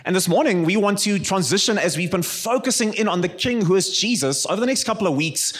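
A man's voice: high-pitched, animated, fast talker, fairly bright tone, slightly rough. A man with a South African accent preaching a sermon to a church congregation, conversational and storytelling, calling for the congregation's response. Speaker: pastor. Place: church service.

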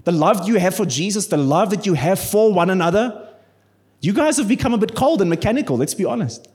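A male pastor preaches with earnest emphasis and bursts of playful humour. His voice sits high and carries a husky, slightly breathy texture. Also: animated, brisk, a little mellow. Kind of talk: sermon.

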